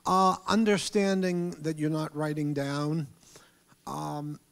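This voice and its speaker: A man's voice: fairly high pitch, level tone, takes it slowly, vocal fry, fairly bright tone. A man in the audience asking the speaker a hesitant question. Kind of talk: question from the floor.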